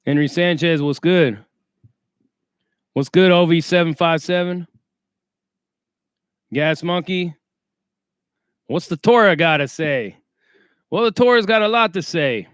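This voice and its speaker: A man's voice: a little high, a little slow, pauses often, clean tone, no room sound, studio quality. A man hosting a casual livestream, talking in streetwise slang and greeting viewers by name. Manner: streetwise slang, reads chat names aloud. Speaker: livestream host.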